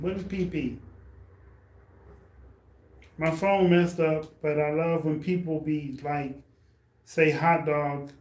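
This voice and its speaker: A man's voice: on the high side, mellow. A middle-aged man hosting a podcast in casual, playful chat, often laughing. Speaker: podcast host. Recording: echoey room, faint noise.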